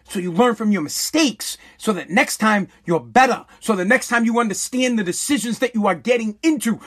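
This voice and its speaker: A man's voice: very high-pitched, fairly bright tone. A man who owns a small business, ranting in a profane, agitated vlog monologue and stumbling over his words as he repeats himself. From United States.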